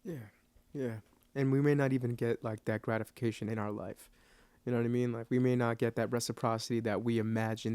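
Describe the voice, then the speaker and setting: A man's voice: medium pitch, darkish tone, no echo. A man hosting a podcast interview, reflective and earnest as he talks about his faith. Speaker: podcast host. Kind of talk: interview conversation.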